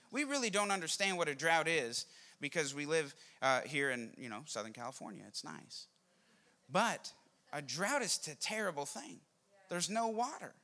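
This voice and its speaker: A man preaching a sermon, telling a Bible story with animated, acted-out quotes. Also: fairly high pitch. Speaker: pastor.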